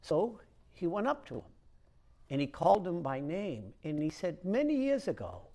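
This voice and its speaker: A man who is a Catholic priest, giving a conversational homily with storytelling and frequent hesitant pauses. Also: on the high side, lively intonation, dark tone.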